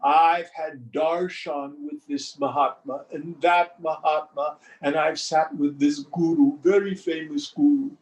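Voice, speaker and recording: A man's voice: a little high, steady tone, a little slow, few pauses, lightly acted, poor audio. A man voicing a self-important spiritual seeker who brags about his years of meditation and the famous gurus he has sat with. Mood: boastful. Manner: bragging, name-dropping.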